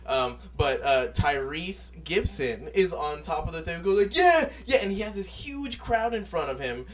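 Man, podcast co-host, high voice, lively, rambling, casual chat. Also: normal speed. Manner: rambling storyteller, many fillers and restarts.

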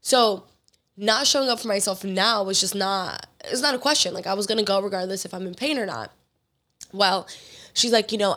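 A young woman hosting her own podcast, hoarse from illness, talking candidly and rambling in casual solo chat. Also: medium pitch, a bit bright. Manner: candid, rambling, quotes others in conversation. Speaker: podcast host; fitness trainer and athlete.

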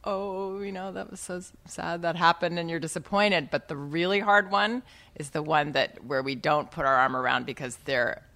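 A woman who is an author and the guest, speaking softly and reflectively in a casual conversation, giving gentle advice. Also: lowish voice, normal speed. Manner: soft, reflective, gently advising.

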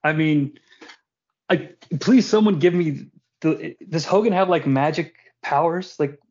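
A man hosting a casual podcast, recapping wrestling in an animated, joking way with casual swearing. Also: a little high, a little slow, breathy edge. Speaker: podcast host. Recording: dull lo-fi podcast audio.

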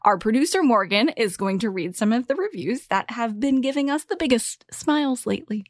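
A woman's voice: a little high, lively intonation, a little fast, no room sound, clean studio sound. A woman hosting her own podcast, talking in a candid, emphatic and playful way. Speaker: podcast host. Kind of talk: scripted podcast monologue.

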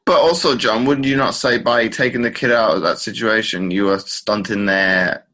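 A man hosting a podcast interview, asking probing questions in a hesitant, slowly built way. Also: lowish voice, fairly even intonation, bright, forceful tone. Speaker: podcast host.

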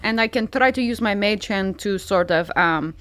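A woman's voice: medium pitch, normal speed, fairly bright tone, no room sound. A woman playing a tabletop game with wry, playful phrasing. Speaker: player. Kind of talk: casual tabletop game play.

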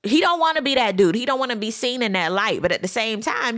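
A woman, giving a sassy, animated recap as a reality TV host. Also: fast talker, dry recording, clean studio sound. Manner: sassy, animated commentary with dramatic pitch swings. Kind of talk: casual chat.

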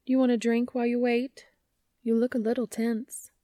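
A woman's voice: fairly low pitch, big pitch swings, extremely slow, dark tone, dry recording, clean studio sound, exaggerated voice. A woman voicing a sly, smirking waitress in a read-aloud story. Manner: mocking, falsely innocent.

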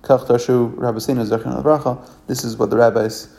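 Gravelly man reading scripture haltingly. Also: mid-range voice, fairly even intonation, warm tone. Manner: halting, self-correcting reading with many restarts. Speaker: Torah study reader. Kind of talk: reading and translating scripture verse by verse.

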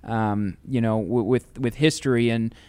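A man's voice: medium pitch, fairly even intonation, a little slow, a little mellow, smooth, dry recording. A man from St. Louis hosting a podcast interview, asking long, winding questions in a conversational way. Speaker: podcast host.

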